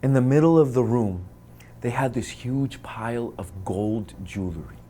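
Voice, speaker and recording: A man from the United States retells a personal experience in a middle-pitched voice. He acts out the lines of the people in it and sinks into a near-whisper at the grim parts. He scatters Arabic phrases through his story. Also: a little slow, slight background noise. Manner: dramatic retelling, acts out quoted lines and drops to hushed tones. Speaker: interviewee telling a personal story.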